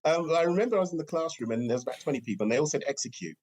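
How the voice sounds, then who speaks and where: A British man, an entrepreneur, chatting in an interview and telling stories, laughing often and acting out other people's lines in a higher voice. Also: very fast, a little hiss or hum. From Britain. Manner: animated storyteller, laughs often, acts out quotes in a high voice. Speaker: entrepreneur guest. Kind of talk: casual interview chat.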